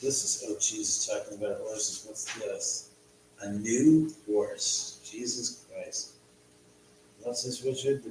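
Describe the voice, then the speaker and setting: A man's voice: on the low side, fairly even intonation, takes it slowly, darkish tone, a little hiss or hum. A man hosting a casual live stream from his house, rambling and swearing freely. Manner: rambling, profane, chatty. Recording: echoey room, distant mic.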